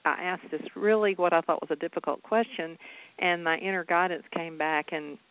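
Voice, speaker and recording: A woman's voice: fairly low pitch, normal speed, clean tone, no room sound. A woman with a Southern US accent, a guest speaker in a phone interview, talking chattily and expressively. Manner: chatty and expressive, laughs often. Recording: tinny phone line.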